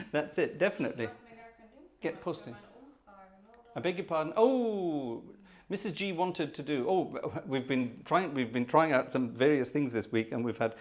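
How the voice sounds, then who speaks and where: Male livestream host, jokey and chatty, lively pitch, home room mic. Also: moderate pace. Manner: chatty, jokey, animated, thanks viewers by name. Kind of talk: casual livestream chat. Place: upstairs home room with organ. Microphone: room microphone.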